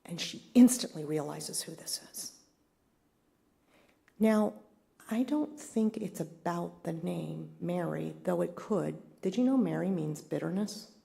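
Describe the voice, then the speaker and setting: A woman's voice: lowish voice, measured pace, vocal fry, dark tone. A middle-aged woman giving a conversational, reflective sermon as a spiritual leader, often asking her listeners questions.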